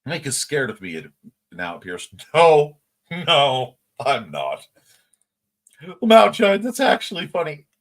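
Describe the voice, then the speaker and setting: A man's voice: medium pitch, huge pitch swings, normal speed, long pauses, a bit bright. A man hosting a casual livestream morning chat, reading viewer comments aloud and laughing along. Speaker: host.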